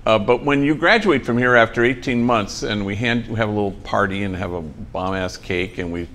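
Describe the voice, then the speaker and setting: A man's voice: on the low side, a little fast, a bit bright, slight background noise. A man, a priest, giving an inspirational talk to program trainees, telling a story with folksy dry humor and bits of Spanish slang. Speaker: priest leading a program for former gang members. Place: the program's own building, addressing trainees.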